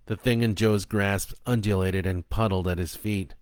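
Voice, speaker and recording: A man narrating a dark story in a slow, even, low-key reading voice. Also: no echo.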